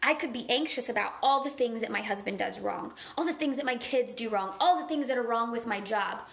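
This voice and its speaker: Brief: woman, live motivational talk, earnest and gushing, high bright voice with a forceful edge. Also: a little fast, creaky. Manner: earnest, gushing and conversational, heavy on "like". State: tearful at times. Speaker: motivational speaker.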